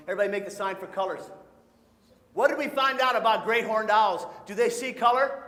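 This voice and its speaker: A man from Michigan runs a nature talk for a family audience, cracking jokes and getting everyone to repeat words back to him. His voice sits high for a man. The sound carries the long reverb of a large hall. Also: brisk, bright, forceful tone. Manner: playful, call-and-response, sings short songs. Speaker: nature educator. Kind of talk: live audience presentation for families. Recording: echoey hall.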